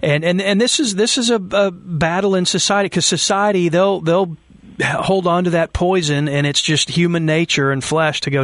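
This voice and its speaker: A man hosting a radio talk show from a studio, warmly affirming his guest with frequent short replies. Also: high voice, fairly even intonation, moderate pace, no room sound. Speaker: radio host. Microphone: studio microphone.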